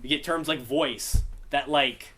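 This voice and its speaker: A man's voice: mid-range voice, unhurried, a bit bright, a little hiss or hum. A young man teaching a casual beginner Greek class, explaining patiently and asking his students for questions. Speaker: Bible study Greek teacher.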